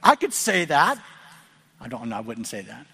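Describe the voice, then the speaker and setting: Earnest Midwestern pastor preaching in a reverberant hall. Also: male voice, mid-range voice, wildly swooping pitch, measured pace, gravelly, bright, forceful tone, husky. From American Midwest. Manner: earnest, conversational preaching with repeated restarts. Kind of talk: sermon.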